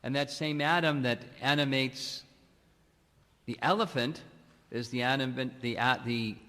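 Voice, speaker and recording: Male monk, mid-pitched, unhurried devotional lecture, reverberant hall sound. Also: sharp tone. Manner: slow, measured, with long pauses. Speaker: monk giving a spiritual lecture.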